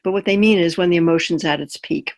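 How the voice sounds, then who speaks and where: A woman's voice: fairly low pitch, fast. Chaplain woman giving a conversational webinar talk. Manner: conversational, with personal examples and check-in questions. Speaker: palliative care chaplain.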